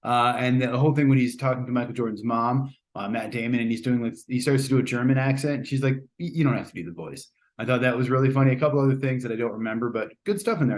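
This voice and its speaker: A man hosting a casual spoken movie review, chatty and rambling, often hedging and restarting his sentences. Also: medium pitch. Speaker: host.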